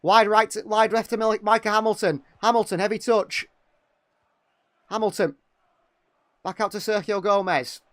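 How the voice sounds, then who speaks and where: A young man giving partisan live fan commentary on a match, excitable and quick to criticise players. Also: high-pitched, no echo. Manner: excitable, exclaiming at big moments, critical of players.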